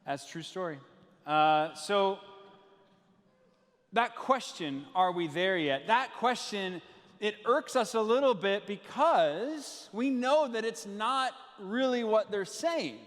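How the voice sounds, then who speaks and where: A male pastor in his thirties delivers a sermon in a church, with a high-pitched voice that carries a long reverb tail from the hall. He tells stories and throws in playful asides to the congregation. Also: lively intonation, takes it slowly. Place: church sanctuary with live congregation.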